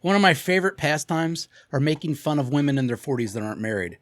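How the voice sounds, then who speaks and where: A man co-hosting a crude comedy podcast, teasing and provocative, dropping low and quiet when he muses. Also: fast talker, no room sound, clean studio sound. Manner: teasing, provocative, deadpan jokes. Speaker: podcast co-host. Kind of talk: crude casual chat.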